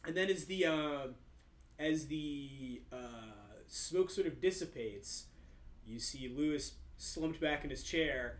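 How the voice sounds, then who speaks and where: A man narrating a tabletop game as game master, in an animated, rambling way with lots of fillers. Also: fairly high pitch, takes it slowly. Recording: roomy echo.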